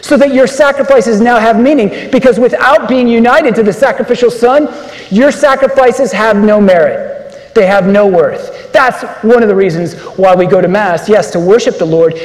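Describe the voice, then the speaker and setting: At a men's conference in a large hall, a man gives an inspirational religious talk, preaching emphatically and using rhetorical questions. His voice is high and his pace moderate, with echoing hall reverb on the recording.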